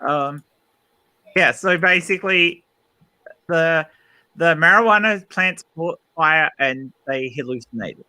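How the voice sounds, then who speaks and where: A woman's voice: low voice, slow pace, long pauses, pushed and bright. A woman chatting casually and joking while playing a video game on stream, laughing easily.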